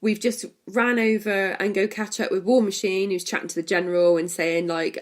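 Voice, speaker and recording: A woman's voice: medium pitch, steady tone, fairly quick, few pauses. A woman, co-hosting a podcast and chatting casually about a film, retelling scenes and laughing often. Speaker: podcast co-host. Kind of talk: casual film review chat.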